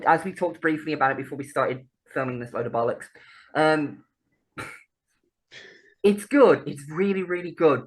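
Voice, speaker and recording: Swearing, laughing woman co-host. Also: sits low. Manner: laughs often, swears freely, banters. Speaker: podcast co-host. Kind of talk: casual chat.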